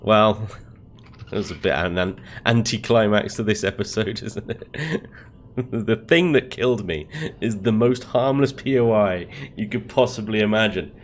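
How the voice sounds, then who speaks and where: A man's voice: on the low side, animated, measured pace. A young man hosting a let's play, giving gameplay commentary and reacting with exasperated swearing and laughter at his own mishaps.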